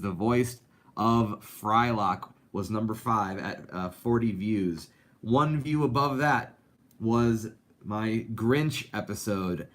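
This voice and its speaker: A man's voice: lowish voice, slow pace. A man hosting a live animation talk show, chatting casually and reading out viewer comments with lots of fillers. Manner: chatty, upbeat, rambling with many fillers.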